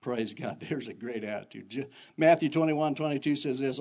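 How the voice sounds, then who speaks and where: Gravelly older man preaching a sermon. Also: normal speed. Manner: animated storytelling with sudden pitch jumps and chuckles. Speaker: pastor.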